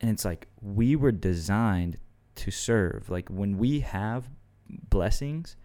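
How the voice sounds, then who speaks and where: Man, co-host, low warm voice, earnest and reflective. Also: lively intonation, slow. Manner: earnest, reflective, faith talk. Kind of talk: casual chat.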